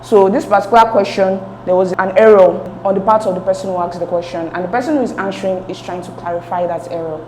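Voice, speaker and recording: A woman's voice: mid-range voice, fast, few pauses, darkish tone, reverberant, a little hiss or hum, poor audio. A woman explaining exam questions step by step as a tutor, repeating key points.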